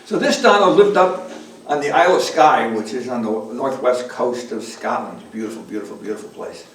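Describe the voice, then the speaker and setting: A man's voice: medium pitch, lively intonation, brisk. Man joking with a live audience. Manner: joking, chatty, teasing the crowd. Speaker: folk musician performing live. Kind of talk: stage banter with the audience. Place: library performance room, indoors. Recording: roomy hall, distant mic, guitar playing.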